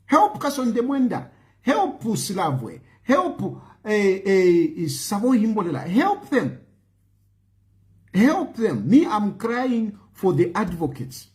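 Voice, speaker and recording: A man with a high, slightly mellow voice and a Zambian accent hosts a show, delivering an impassioned political monologue. Pleading and emphatic, he repeats his phrases and mixes Bemba words into his English.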